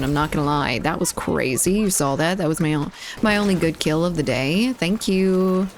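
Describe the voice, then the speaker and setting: Woman game streamer, low-ish voice, rambling casual chat, quick asides to the game. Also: a little hiss or hum. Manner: rambling, chatty, reacts to the game and chat mid-sentence. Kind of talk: casual chat while gaming.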